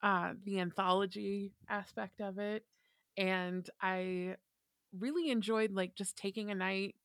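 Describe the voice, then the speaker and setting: A woman's voice: medium pitch, fairly even intonation, a little slow, smooth, dry recording, studio quality. A woman guest on a podcast, chatting enthusiastically. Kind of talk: casual chat.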